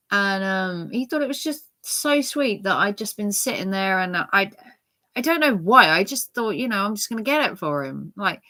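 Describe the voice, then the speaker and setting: Bright-voiced chatty woman. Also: mid-range voice. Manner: rambling, chatty, many fillers and restarts. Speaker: channel host. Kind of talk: casual chat to viewers.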